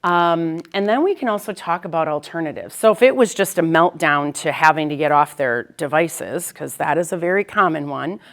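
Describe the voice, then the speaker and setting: Woman, low voice, gravelly edge, counselor presenting to parents, conversational and practical. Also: lively intonation, moderate pace, few pauses, fairly bright tone. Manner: conversational, practical, checks in with "right?". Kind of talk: parent education talk.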